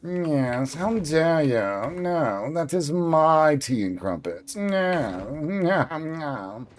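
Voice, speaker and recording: A man voicing a pompous, prim English gentleman with a put-on posh English accent. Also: a little high, very animated, very slow, heavily acted. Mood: haughty. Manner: haughty, prim, indignant.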